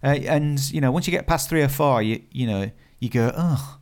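A man's voice: medium pitch, fairly quick, a little mellow. A British man co-hosting a casual podcast chat, rambling with lots of fillers and restarts. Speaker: podcast co-host.

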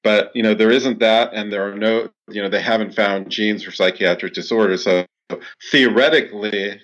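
A man's voice: on the low side, steady tone, moderate pace, fairly bright tone. A man answering interview questions as a clinical psychologist, explaining at length with many fillers and restarts. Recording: dull lo-fi sound.

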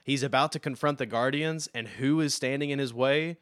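A man with a medium-pitched voice speaks briskly in a studio-quality recording with no echo. As a podcast co-host, he energetically tells a comic book story, acting out the quotes in different voices.

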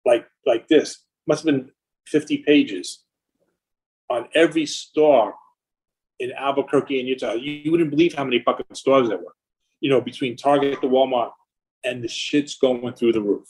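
A middle-aged man with a husky, mid-pitched voice spins long stories about his career in a casual interview. He swears freely and keeps talking in an animated, rambling way. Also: normal speed, rough recording. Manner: profane, animated anecdotes. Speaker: record label founder.

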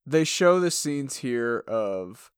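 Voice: mid-range voice, sing-song, takes it slowly, clear, resonant tone, no echo, clean studio sound. An American podcast co-host chatting casually about a show, offhand and swearing freely. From United States. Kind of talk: casual recap chat.

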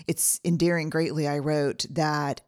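This middle-aged podcast host delivers numbered advice earnestly in a solo monologue, her low, slightly mellow voice showing little pitch movement at a measured pace. The studio-quality recording is dry.

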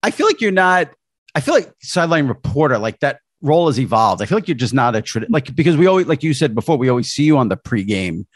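A man hosts a casual interview, circling his questions with a string of "like" and "I feel like" before he lands them. His voice is at a middle pitch for a man. The recording is dry and close. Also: big pitch swings, fast, no room sound. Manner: rambling, heavy use of "like" and "I feel like".

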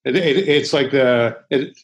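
A man's voice: medium pitch, a little slow, low-quality recording. Rambling man. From Philadelphia, United States. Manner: rambling, many restarts, swears freely, acts out quotes. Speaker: chef and interview guest. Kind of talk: casual storytelling in a podcast interview.

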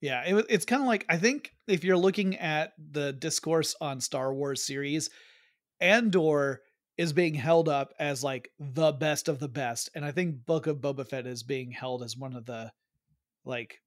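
A man co-hosting a geeky podcast in casual, jokey chat with quick asides. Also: on the high side, no echo, studio quality. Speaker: podcast co-host.

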